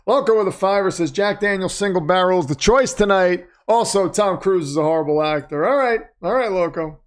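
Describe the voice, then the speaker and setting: Guy hosting a live watch stream, slightly high voice, rambling casual chat, reads the chat out loud. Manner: chatty, reads viewer comments aloud, muses off-topic. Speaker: livestream host reacting to a football game.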